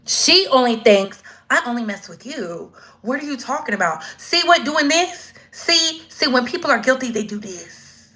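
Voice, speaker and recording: A woman giving casual live-stream commentary, slangy and animated, acting out quoted voices as she goes. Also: high-pitched, normal speed, hardly any pauses.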